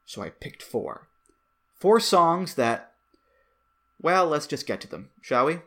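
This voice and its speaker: A man's voice: a little high, very animated, slow, sharp tone. A man hosting a commentary video, talking in a playful way with wry asides. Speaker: host.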